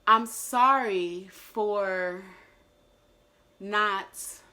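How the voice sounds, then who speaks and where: A young adult woman vlogging a personal reflection, earnest and emotional, sometimes dropping into soft, gentle self-talk. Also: mid-range voice, extremely slow.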